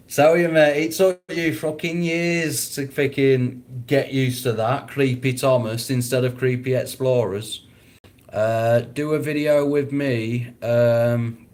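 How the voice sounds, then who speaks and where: A man's voice: medium pitch, a little mellow. A man hosting a casual livestream, chatting with viewers, swearing and laughing a lot. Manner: laid-back, swears a lot, laughs often. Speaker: livestream host. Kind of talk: casual livestream chat reading comments.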